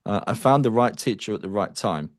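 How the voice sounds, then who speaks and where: A middle-aged man from the UK, a guest telling his story in an interview, reflective and halting, with sighs and restarts. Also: fairly low pitch, animated, no room sound, studio quality. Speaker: guest psychic medium.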